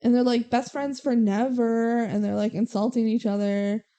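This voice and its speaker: A woman's voice: a little high, little pitch movement, moderate pace, warm tone, smooth. A young woman co-hosting a podcast, casually recapping a movie scene by scene and quoting the characters, with lots of "like" and "um.". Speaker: podcast co-host.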